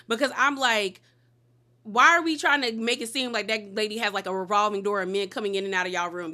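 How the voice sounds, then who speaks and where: A woman's voice: mid-range voice, pushed and bright. A woman giving a casual, opinionated recap of a TV episode, chatty and full of slang. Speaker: reality TV recap host.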